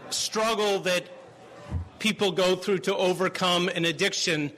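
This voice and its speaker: A man's voice: high-pitched, steady tone, measured pace, bright, forceful tone, a little hiss or hum. A man, a law professor, giving opening remarks to a live audience in a lecture room, with wry humorous asides. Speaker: law professor and conference co-organizer.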